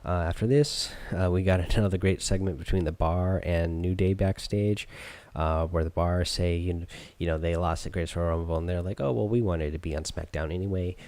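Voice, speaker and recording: A man's voice: deep voice, level tone, moderate pace, darkish tone, no echo. A man hosting a podcast, recapping a show in a loose, rambling way full of ums and uhs. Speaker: podcast host.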